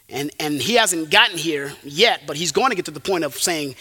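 Man, preacher, sermon, high voice, very bright tone, emphatic. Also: lively intonation, normal speed, breathy edge, big-room sound. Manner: emphatic, rises and drops sharply for effect.

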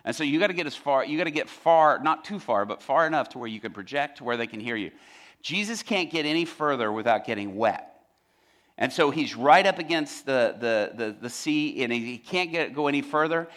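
A man preaching a sermon, telling its story with animated humor. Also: mid-range voice.

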